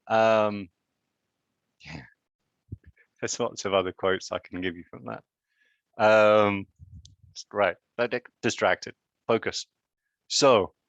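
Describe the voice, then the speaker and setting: A man's voice: on the low side, gravelly, a bit bright, no room sound, highs cut off. A man lecturing on genetics in a live online class, chatty and quizzing students with joking asides.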